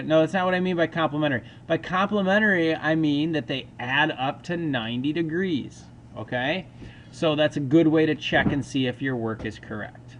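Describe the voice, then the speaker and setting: A man walks through a math lesson step by step in a casual, chatty way, with a fairly high voice. Faint background noise sits under the recording. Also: normal speed, a bit bright, lo-fi sound. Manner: talks through steps aloud, casual asides. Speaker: math teacher.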